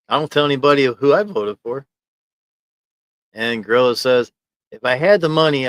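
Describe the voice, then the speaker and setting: A man's voice: medium pitch, a bit bright, no echo. A man hosting a casual livestream from his home office, rambling and chuckling as he reads viewer comments aloud. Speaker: livestream host. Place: small home office studio. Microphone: desk mic in home office.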